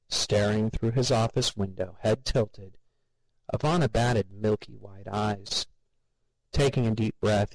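Low-voiced man narrating a story. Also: dry recording, poor audio. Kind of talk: audiobook narration.

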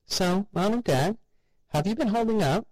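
A man voicing a cheerful, doting middle-aged mother who is oblivious to the horror around her, in a high sing-song voice. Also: expressive, normal speed, no echo, low-quality recording. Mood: cheery sing-song.

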